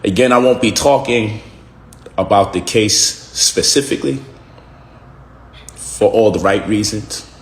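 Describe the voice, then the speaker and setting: Guy talking forcefully in a video, says things twice, echoey room. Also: on the low side, measured pace, long pauses. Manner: emphatic, repeats key phrases. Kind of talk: recorded video statement.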